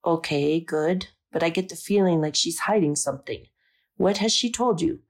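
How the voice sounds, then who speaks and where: A woman reading the part of a stern, worried mother with a thick Slavic accent and a deep, guttural, blunt way of talking. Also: moderate pace. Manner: blunt and suspicious.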